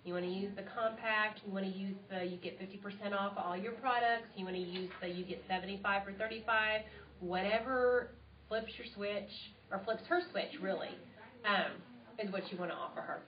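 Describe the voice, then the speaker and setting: A woman's voice: medium pitch, fairly quick. A bubbly woman with a twang runs a live training session, talking cheerfully to a small group. She is caught from across a roomy space on a tablet mic, so the sound is distant and a bit dull, with a faint hiss underneath. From United States. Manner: bubbly and enthusiastic, chatty. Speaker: sales trainer. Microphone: tablet mic from across the room.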